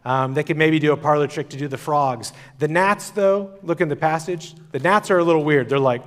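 Higher-voiced man preaching in a reverberant hall. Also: a little fast, hardly any pauses. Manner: casual, conversational storytelling. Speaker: conference speaker. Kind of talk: sermon.

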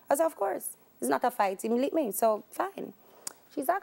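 A woman's voice: high voice, normal speed, gravelly. A young adult woman with a Jamaican accent telling a personal story in an interview, acting out voices and slipping into patois. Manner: animated, acts out quoted voices, slips into patois. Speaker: guest.

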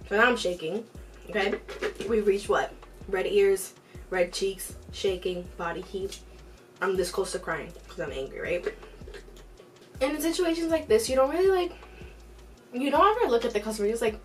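A woman casually telling a storytime while eating, animated, acting out the people in it, swearing freely and filling with "like". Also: on the high side, moderate pace, long pauses, recorded from a distance, soft background music. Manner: animated, acts out quotes with shifting voices; swears freely, frequent "like" fillers. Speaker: storytime vlogger.

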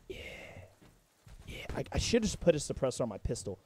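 A young man giving excitable, profane gameplay commentary, breaking into yelps and shouts as he plays. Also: medium pitch, brisk, a little hiss or hum. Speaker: gaming content creator.

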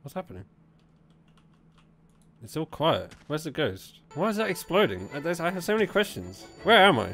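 A man talks through a horror game with a lively, swooping voice. He laughs, swears and yelps at the scares and reads the on-screen text aloud. Game music plays clearly behind him. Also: fairly high pitch, normal speed, long pauses. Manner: jumpy, laughing, swearing reactions. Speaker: gaming YouTuber. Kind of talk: horror gameplay commentary.

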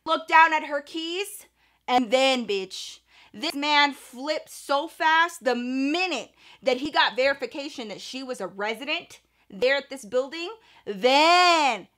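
A woman vlogger telling a personal story in an animated, slangy way. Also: high-pitched, slow. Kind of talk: story time vlog.

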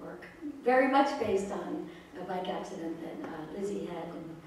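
A woman's voice: on the low side, lively intonation, darkish tone. Chatty woman author, laughs between remarks; far mic, reverberant room with audible noise. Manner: chatty, laughing, quick asides. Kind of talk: casual talk at a book event. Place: library event room.

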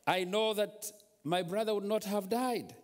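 A man voicing Martha, a grieving woman from the Bible, pleading in a high insistent voice, heard in a reverberant church hall. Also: measured pace.

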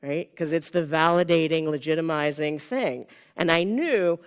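A woman's voice: low-pitched, moderate pace, clean tone. A woman in her fifties from California gives a conference keynote in a conversational way, often checking in with the audience with "right?". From Sonoma County, California. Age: 50s. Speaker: keynote speaker. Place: conference room with a live audience.

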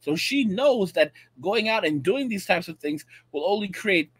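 A man from the United States rants through a casual video commentary. His high voice swears freely and acts out the people he quotes. It sounds dry and close, with no room echo. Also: lively intonation, moderate pace, husky. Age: millennial.

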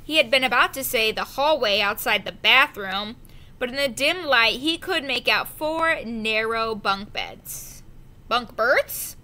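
A woman reading a children's adventure novel aloud, slow and careful, with the odd slip of the tongue. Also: on the high side, animated, sharp tone. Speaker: audiobook reader. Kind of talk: storybook narration.

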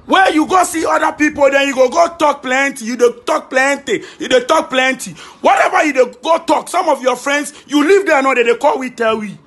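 A Ghanaian man scolding someone in pidgin, half shouting. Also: very high-pitched, brisk, hardly any pauses. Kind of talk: scolding video message.

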